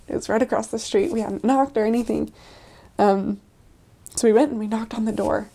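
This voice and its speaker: A young woman tells stories in a loose, chatty way, scattering "like" and quick laughs through her sentences. Her voice sits fairly high but sounds warm and mellow rather than bright. She speaks as a returned missionary being interviewed. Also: vocal fry. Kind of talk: casual storytelling interview.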